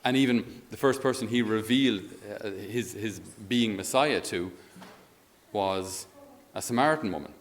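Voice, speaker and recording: An Irish man speaking as a priest in a conversational homily. He is a lively storyteller who often chuckles as he talks. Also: lowish voice, measured pace. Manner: animated storyteller, chuckles while talking.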